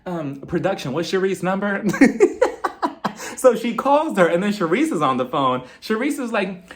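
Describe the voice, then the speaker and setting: A young man with a high, very lively voice, talking through a reality show episode in a casual, sassy way. He swings his pitch all over the place, acts out what the cast members say, and chuckles as he goes. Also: normal speed. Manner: animated, acts out the cast's lines in quotes; chuckles often, playful and sassy. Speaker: reality TV recap vlogger. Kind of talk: casual episode review commentary.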